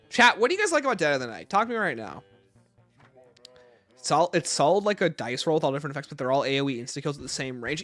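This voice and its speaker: A man's voice: a little high, bright, forceful tone. A man hosting a casual livestream, reading viewer chat aloud and answering with blunt, opinionated takes. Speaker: livestream host.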